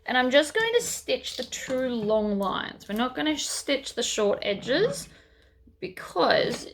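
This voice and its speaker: A woman's voice: high voice, big pitch swings, slow pace, a little hiss or hum. A woman hosting a sewing tutorial, chatting casually as she works through each step.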